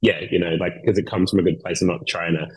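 A man's voice: low-pitched, steady tone, quick pace, darkish tone, breathy edge, dry recording. A man with an Australian accent, a guest English teacher talking in an easygoing, reflective way. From Perth, Australia. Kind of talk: casual conversational interview.

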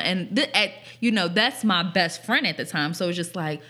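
A young woman tells a story on a casual podcast, her voice sitting on the lower side. She talks in an animated rush, swearing and leaning on "like" fillers. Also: fairly quick. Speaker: podcast co-host.

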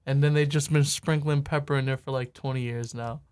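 A man's voice: medium pitch, steady tone, a little fast, few pauses, darkish tone, clean tone. A man chatting casually and animatedly, often acting out imagined quotes. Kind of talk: casual podcast chat.

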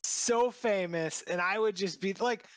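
A man co-hosting a podcast, telling stories in a casual, animated way and laughing between phrases. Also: sits high, measured pace, no room sound. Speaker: podcast co-host. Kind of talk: casual storytelling chat.

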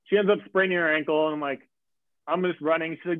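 A man telling a race story in casual chat, acting out quotes with lively jumps in his voice. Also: fast, background noise. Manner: animated, acts out quotes with big pitch jumps. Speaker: guest athlete. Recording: tinny phone-like line.

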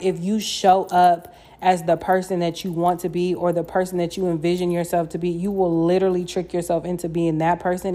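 A woman's voice: fairly low pitch, mellow. A young woman hosting a solo podcast, chatting casually with a candid, slangy and profane manner. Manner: candid, slangy and profane, often says "you know what I mean". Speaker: podcast host.

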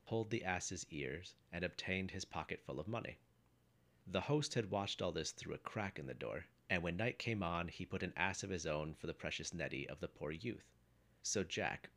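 A man narrating an old folk tale in a measured storyteller's delivery. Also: sits low, fairly bright tone.

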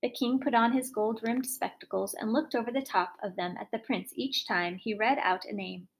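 Expressive woman reading a fairy tale aloud. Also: a little high, moderate pace. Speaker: storyteller. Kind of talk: storybook read-aloud.

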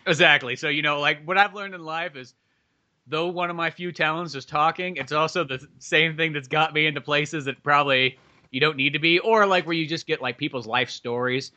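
A man's voice: a little fast, highs cut off. A young man co-hosting a podcast, telling a story in casual chat and acting out the people in it with raised voices. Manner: animated, acts out people in his stories with high voices. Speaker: podcast co-host.

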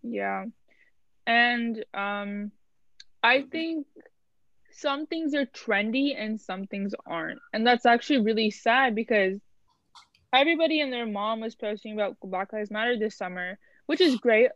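A young woman co-hosting a podcast, talking in a casual, animated way with lots of fillers. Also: fairly high pitch, a little slow, no echo. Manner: animated, chatty, many fillers. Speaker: podcast co-host. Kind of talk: casual chat. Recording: dull lo-fi dry sound.

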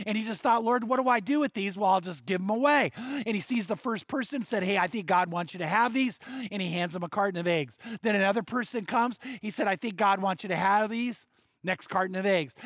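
A man's voice: high voice, a bit bright, no room sound. A man preaching a sermon, telling a story and acting out the voices of the people in it. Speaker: pastor.

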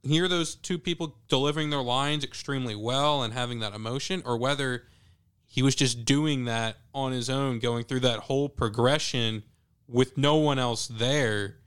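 A man co-hosting a casual film chat, curious and animated as he tells what he noticed. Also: mid-range voice, normal speed, clean tone. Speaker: podcast co-host.

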